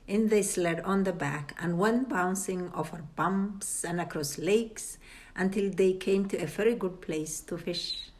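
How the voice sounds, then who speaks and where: Slow, gravelly woman reading a storybook. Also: lowish voice. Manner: slow, deliberate and expressive. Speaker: storybook reader, channel host. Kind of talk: children's read-aloud narration.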